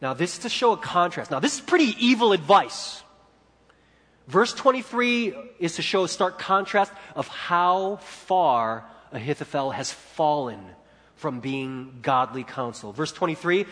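A man preaching a sermon as pastor, swinging between loud and hushed delivery. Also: on the high side, animated, a little slow. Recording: long reverb in a large hall.

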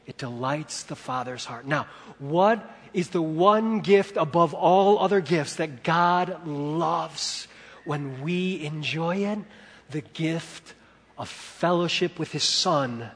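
A man preaching a sermon as a pastor, telling stories with animation and moving between loud and hushed delivery. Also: a little high, animated, a little slow, husky, in a large hall.

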